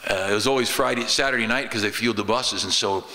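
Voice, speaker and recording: A middle-aged man, a pastor, preaching a sermon in a church, shifting between loud exclamations and quiet asides. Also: fairly low pitch, fast. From United States. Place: church sanctuary. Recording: church hall reverb.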